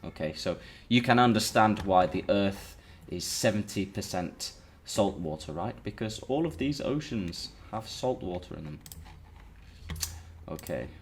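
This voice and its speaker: A man's voice: fairly low pitch, lively intonation, a little slow, a little hiss or hum. A man teaching a live online lesson, chatting with his students and greeting them by name as he explains.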